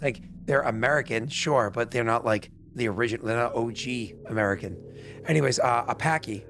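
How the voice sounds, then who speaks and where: Animated New England man telling stories. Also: medium pitch, a little fast, over music. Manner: animated storyteller, swears, acts out quotes. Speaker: game master and stream host. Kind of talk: casual chat on a live stream.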